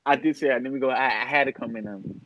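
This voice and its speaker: A middle-aged man, a pastor, answering interview questions in a relaxed way, often pausing, restarting and laughing. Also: medium pitch, a crowd in the background, rough recording. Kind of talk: casual interview chat.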